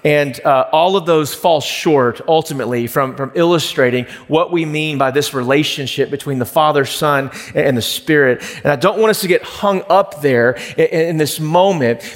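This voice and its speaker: Guy preaching a sermon, pretty high voice, echoey church hall, earnest and explaining. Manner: earnest, explanatory preaching with emphatic slowed phrases. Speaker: pastor. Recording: reverberant hall.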